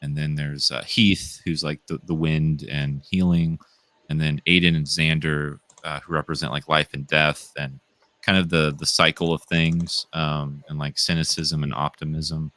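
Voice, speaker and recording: A man's voice: extremely low pitch, flat delivery, moderate pace, bright, forceful tone, dry recording. A young man from the Midwest, a comic writer talking casually as a guest, full of fillers like "like" and "um". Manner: rambling with many fillers. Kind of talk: casual interview chat.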